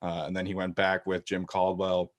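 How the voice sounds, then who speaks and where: A man co-hosting a sports podcast, talking casually and thoughtfully, often trailing off quietly at the ends of sentences. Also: low voice, monotone, moderate pace. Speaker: podcast co-host.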